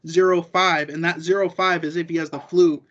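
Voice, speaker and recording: A man's voice: a little high, flat delivery, brisk, a bit bright, highs cut off. A man talking as a podcast guest in casual chat, rambling and profane, acting out what other people said. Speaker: guest, jiu-jitsu competitor.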